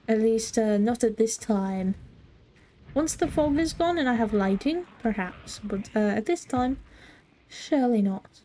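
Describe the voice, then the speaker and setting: A woman's voice: fairly high pitch, lively intonation, measured pace, warm tone. A woman streaming a game live, chatting with viewers in a playful, mock-formal way while she plays. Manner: playful mock-formal phrasing, talks to chat. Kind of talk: live gaming commentary, reading chat.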